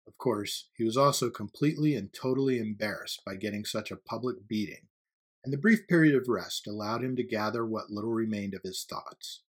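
A man narrating a story as an audiobook reader, with a steady, even-paced storytelling delivery. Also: fairly low pitch, fairly quick, husky.

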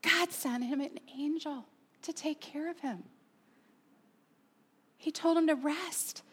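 High-voiced woman preaching a sermon. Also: slow pace. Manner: earnest, personal, asks the audience questions. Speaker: pastor.

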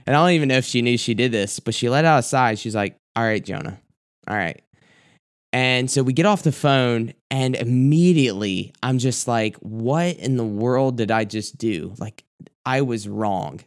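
Using a smooth, mid-range voice, a young man who serves as a youth pastor recounts a mistake he made, offering it as a frank sermon testimony filled with casual fillers.

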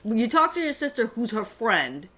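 A woman's voice: a little high, moderate pace, husky. A woman co-hosting a podcast, chatting casually as she recaps a TV episode, swearing a lot and acting out the characters' lines. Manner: profane, animated, acts out characters' lines. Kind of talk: casual chat.

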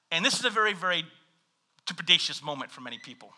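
A male pastor preaching in an animated, storytelling way, moving between scripture reading and humorous anecdotes. His voice is high and very bright, and his pitch leaps around expressively. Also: fast. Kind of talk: sermon.

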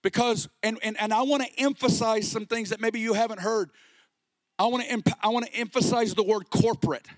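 A middle-aged man preaching a sermon with passion, sometimes rising to a shout. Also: high-pitched, steady tone, a little fast, no room sound. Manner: impassioned, rising to shouts at peaks.

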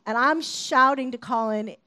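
A woman with a fairly high voice preaches in a chatty, conversational way. She talks her listeners through a sermon like a friend sharing stories, now and then raising her voice to act out a shouted line. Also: measured pace. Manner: conversational, acts out shouted quotes.

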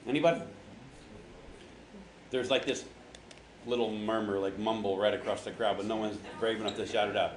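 A man's voice: fairly low pitch, fairly even intonation, moderate pace, pauses often, slight background noise. Joking man teaching in an echoey hall. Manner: joking, quizzes the audience, slangy. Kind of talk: casual Bible lesson to a group. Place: large room with an audience. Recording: echoey hall with faint ambience.

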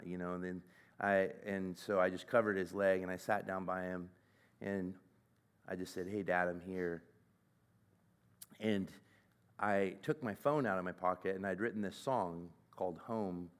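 Man in his 40s, low smooth voice, conversational conference speaker with a halting delivery. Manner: conversational, halting, with frequent fillers. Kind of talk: personal storytelling talk.

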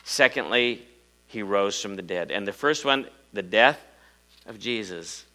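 A man preaching a sermon as pastor, swinging between loud emphatic bursts and quiet asides, acting out small quoted voices in his stories. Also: on the low side, lively intonation, unhurried. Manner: acts out little quoted voices in his story.

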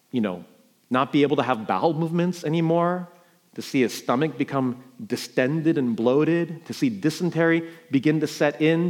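A middle-aged man from New York preaching a sermon, telling a personal story with sharp swings between loud emphasis and hushed quiet. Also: mid-range voice. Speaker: pastor.

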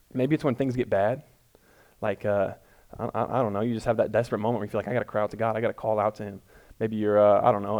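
A man's voice: mid-range voice, darkish tone. Casual, self-deprecating male preacher. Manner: casual, self-deprecating, builds to emphatic peaks. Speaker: pastor. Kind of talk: conversational sermon. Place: church room before a congregation.

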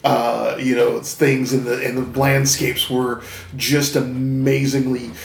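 A man's voice: mid-range voice, little pitch movement, slow, vocal fry. A man co-hosting a casual podcast, meandering through his thoughts with many fillers. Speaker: podcast co-host. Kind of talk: casual chat. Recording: roomy echo.

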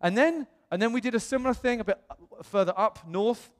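A British man, a pastor, telling a lively personal story in a sermon and acting out the other people's lines. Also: extremely high pitch, fairly quick. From England. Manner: animated, acts out quoted voices. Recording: long reverb of a large hall.

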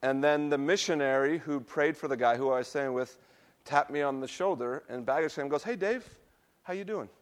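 A middle-aged pastor with a mid-range voice delivers a brisk sermon, relating personal stories in a loose, chatty manner. Every so often he laughs at himself.

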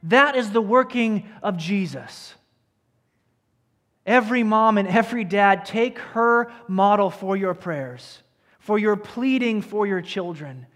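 High-voiced preacher in a reverberant hall. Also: male voice. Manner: earnest preacher, dropping to a hush at key lines. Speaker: pastor. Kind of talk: sermon. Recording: church hall with long reverb.

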